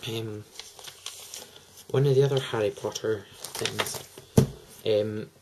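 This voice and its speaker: A man's voice: on the low side, fairly even intonation, takes it slowly, background noise. A teenage boy, chatting to camera in a hyper, gushing, rambling way. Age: teens. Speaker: vlogger. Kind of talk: casual chat to camera.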